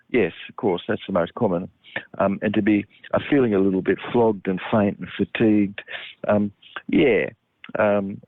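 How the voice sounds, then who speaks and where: A man's voice: fairly low pitch, no echo. A man giving a rambling health talk, full of ums and restarts. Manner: meandering, with many ums and restarts. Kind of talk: rambling monologue. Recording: tinny phone-like line, dry.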